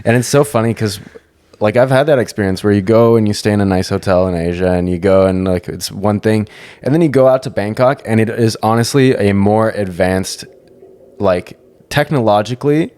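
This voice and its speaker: A man's voice: lowish voice, brisk, darkish tone. A young man chatting casually on a podcast, rambling and swearing freely as he tells stories. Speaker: podcast co-host.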